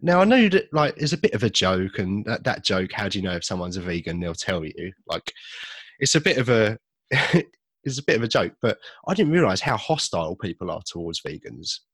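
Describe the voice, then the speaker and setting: Lively, rambling male podcast co-host. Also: on the low side, brisk, husky, no echo. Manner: rambling, self-mocking, laughs often. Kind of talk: casual chat.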